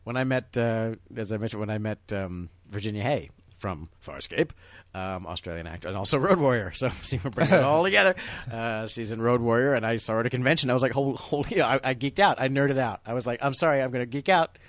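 A man's voice: mid-range voice, expressive, fast, a bit bright, no echo. A man hosting a casual movie discussion, rambling with many restarts and chuckles.

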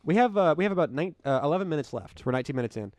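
A man's voice: on the high side, animated, very fast, darkish tone, dry recording. Podcast host, man, playful and keeps the chat moving. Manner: joking, keeps time. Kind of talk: casual chat.

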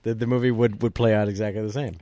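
A man co-hosting a movie podcast, telling anecdotes in a quick, animated way. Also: fairly low pitch, dry recording. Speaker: podcast co-host. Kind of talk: casual movie commentary chat.

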